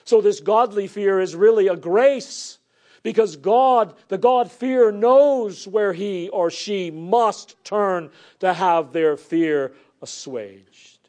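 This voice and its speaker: A man preaching a sermon, earnest, moving between emphatic declarations and hushed, soft passages. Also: high-pitched, takes it slowly.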